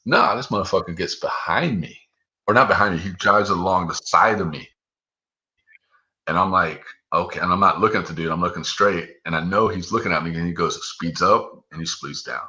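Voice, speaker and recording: A man's voice: low-pitched, brisk, bright, forceful tone, dull audio. A man, the guest on an interview show, telling a long story in a loose, profane way, full of 'dude' and 'like'. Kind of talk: casual storytelling.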